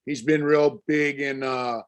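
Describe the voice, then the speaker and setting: A man's voice: mid-range voice, steady tone, slow. A man interviewing a guest in casual chat, laid-back, mostly giving short replies.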